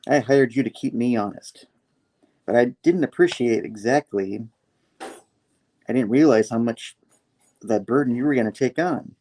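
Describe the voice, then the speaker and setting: A man's voice: mid-range voice, unhurried, long pauses, mellow. Man doing a weary older mentor. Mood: burdened. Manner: paraphrased lines in a plain retelling voice. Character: burdened older male mentor, grave and weary.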